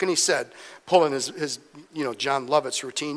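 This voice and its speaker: A man teaches scripture from the pulpit with a slightly raised, lively pitch. He reads the verses, then breaks into casual, humorous asides. The long reverb of a church hall trails each phrase. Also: a little fast. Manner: conversational, joking asides between scripture readings. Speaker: pastor. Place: church sanctuary.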